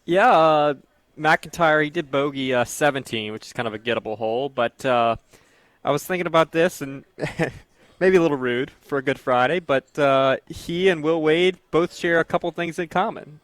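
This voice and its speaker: A man chiming in on a sports radio show, relaxed and wry with chuckling asides. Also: fairly high pitch, normal speed, no echo. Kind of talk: casual sports radio banter. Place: radio studio.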